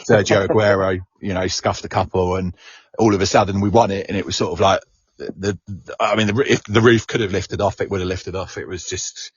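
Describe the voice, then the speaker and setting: A man's voice: low voice, fairly even intonation, brisk, breathy edge, highs cut off. A man hosting a podcast in casual chat, hesitant with many restarts and fillers. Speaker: podcast host.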